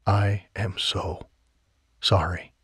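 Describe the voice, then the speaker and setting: An earnest, remorseful young man from a romance audiobook, voiced by a male narrator close to his own voice. Low and husky, with emphatic lines and dry, close-miked sound. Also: little pitch movement, very slow, a bit bright, dry recording, full character voice.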